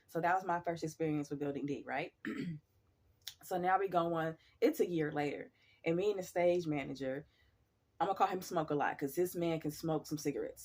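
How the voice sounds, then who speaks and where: A woman's voice: low-pitched, a little mellow. A woman casually telling a story in a blunt, profane, chatty way.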